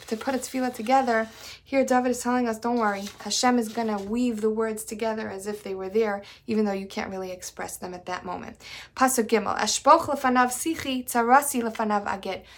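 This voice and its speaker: A woman's voice: on the high side, fairly bright tone. A woman, teaching a weekly Psalms class in an earnest, conversational way, using Hebrew terms. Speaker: Torah teacher.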